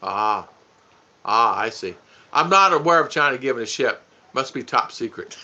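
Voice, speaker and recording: Man on a casual live stream, lively up-and-down voice, bright tone, dull lo-fi sound. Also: medium pitch, moderate pace. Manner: joking, greets viewers by name. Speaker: vlog co-host.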